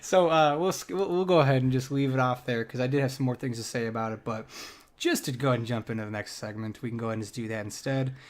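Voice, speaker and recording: A man's voice: medium pitch, fast. A man co-hosting a casual political podcast, rambling with many restarts and frequent laughter. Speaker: podcast co-host.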